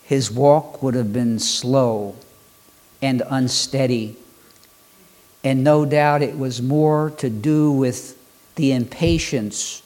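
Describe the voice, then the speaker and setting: A man preaching a sermon, building rhythmic lists and pausing for dramatic effect. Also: medium pitch, a little mellow. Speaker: pastor.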